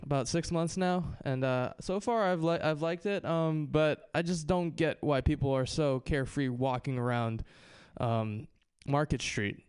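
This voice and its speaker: A man from Hawaii with a clear, smooth voice doing a live stand-up bit. He hesitates often and leans on fillers. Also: fairly high pitch, unhurried, few pauses, darkish tone. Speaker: stand-up comedian. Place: comedy club stage.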